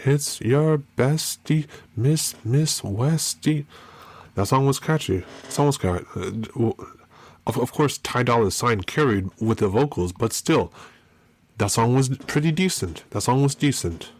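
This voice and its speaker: A man's voice: mid-range voice, animated, moderate pace. A man from Maryland hosting a solo podcast, rambling and joking with lots of fillers. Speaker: podcast host. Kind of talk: casual solo podcast chat.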